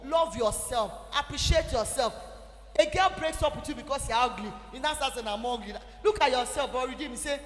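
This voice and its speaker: A young Nigerian woman with a Nigerian English accent, giving an animated, emphatic teaching talk to a church audience. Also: high voice, a little fast. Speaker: church speaker. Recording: echoey hall with faint music.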